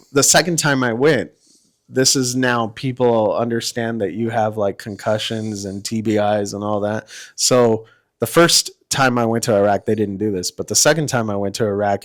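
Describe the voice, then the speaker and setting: A middle-aged man, a former Marine guest on a podcast, telling a war story in casual, profane chat and acting out what people said. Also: fairly low pitch. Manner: profane, laughing storyteller who acts out quotes.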